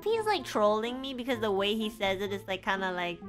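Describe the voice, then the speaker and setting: A woman's voice: mid-range voice, sing-song, fairly quick, faint music behind. A woman streamer in casual chat, giggly and blunt.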